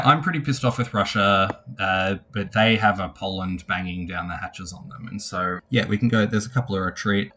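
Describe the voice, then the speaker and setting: A man's voice: deep voice, a bit bright, slight background noise. A man on a headset microphone giving a casual spoken recap of his strategy game, swearing freely and retelling his conversations with growing emphasis.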